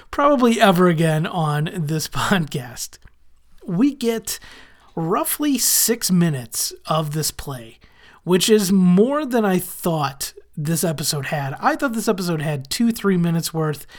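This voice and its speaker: Chatty male podcast host recapping. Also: a little high. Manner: chatty, wry asides with frequent "uh"s. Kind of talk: casual podcast episode recap.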